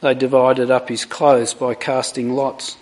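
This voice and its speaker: A man's voice: medium pitch, level tone, darkish tone. A man preaching a sermon, reading scripture aloud with dramatic emphasis on the quoted words before reflecting on them. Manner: slow, deliberate, dramatic emphasis on quoted lines.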